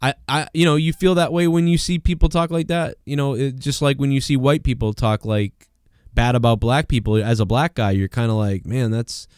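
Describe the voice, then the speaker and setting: Guy hosting his live stream, rambly and jokey, smooth voice, dry close sound. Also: mid-range voice, fairly even intonation, fairly quick, a little mellow, no room sound. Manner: rambling, joking, slangy. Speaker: live show host. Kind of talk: casual live-stream chat.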